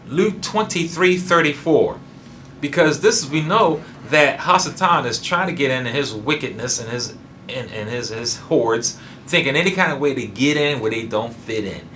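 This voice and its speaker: A man preaching a sermon emphatically, dropping into low quiet asides and stressing single words hard. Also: a little hiss or hum.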